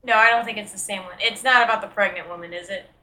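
A woman's voice: mid-range voice, fast, pushed and bright. A woman chatting casually on a podcast, hedging her points with lots of fillers. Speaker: podcast co-host.

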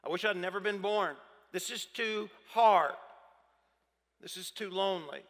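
Man doing a worn-out prophet ready to quit, lamenting, highish bright voice, big hall echo. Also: unhurried. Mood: despairing. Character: weary, discouraged male prophet on the verge of quitting. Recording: long reverb of a large hall.

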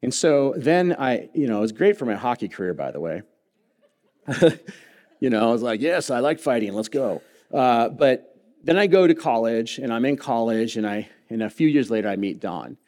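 A man's voice: medium pitch, moderate pace. Earnest storytelling pastor, a man. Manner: personal storytelling with humor, earnest and animated. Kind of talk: sermon. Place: church sanctuary.

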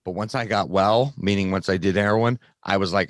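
A man with a very deep voice tells a painful personal story in conversation. He speaks earnestly, stopping and restarting often. The recording is dry, with no room sound. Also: no echo. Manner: earnest, halting, many restarts and fillers. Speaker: guest sharing recovery story.

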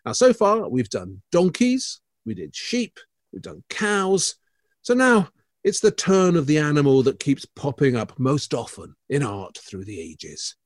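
A man's voice: a little high, sing-song, measured pace, no echo, studio quality. A man with a Scottish accent co-hosting a chatty podcast about art, teasing his co-presenter. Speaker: podcast co-host. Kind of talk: casual chat.

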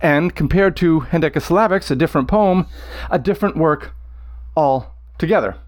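A man who teaches Latin, explaining poetic meter to listeners with enthusiasm, chanting the rhythms aloud in a deliberate way. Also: a little high.

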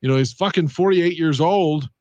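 Man, sports podcast co-host, slightly high voice, wry and analytical, dry close mic. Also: moderate pace, warm tone, dry recording, muffled recording. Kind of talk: casual sports podcast chat.

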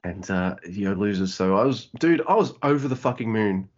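A man co-hosting a casual wrestling podcast, excitable and sweary, acting out wrestlers' lines as he recaps. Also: lowish voice, normal speed, husky. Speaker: podcast co-host. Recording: dull lo-fi audio.

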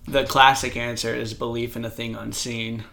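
Gravelly, bright-voiced man chatting casually. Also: medium pitch, little pitch movement, moderate pace. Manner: rambling, self-correcting storyteller. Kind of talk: casual chat and joke telling.

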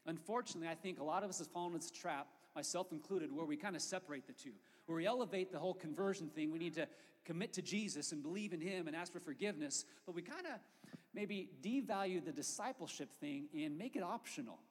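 A male pastor preaching a sermon in a conversational, lively way, with asides to the congregation. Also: fairly high pitch, fast talker, husky, in a large hall.

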